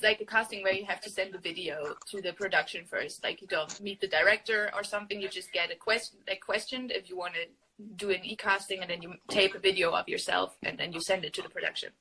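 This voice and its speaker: A woman's voice: medium pitch, pushed and bright, a little hiss or hum, low-quality recording. A young woman chatting casually on a phone livestream, rambling with many fillers and laughs. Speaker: livestream host. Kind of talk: casual chat.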